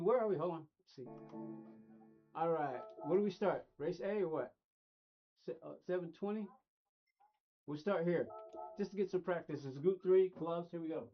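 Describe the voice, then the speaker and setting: A man's voice: sits high, slight background noise. A middle-aged man streaming a racing game, rambling casually and talking straight to his chat. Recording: dull lo-fi stream audio.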